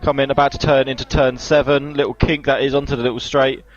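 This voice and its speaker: A man calmly calling a sim racing qualifying session, with dry humour. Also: medium pitch, fast. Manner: laid-back, dry humour. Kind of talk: live esports race commentary. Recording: slightly dull lo-fi mic.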